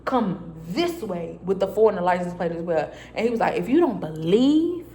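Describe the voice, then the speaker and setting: In a quiet private space, a woman vlogger shares her personal faith testimony, chatting loosely with lots of fillers and acting out her own dialogue. Her voice is on the low side, warm, and a little fast.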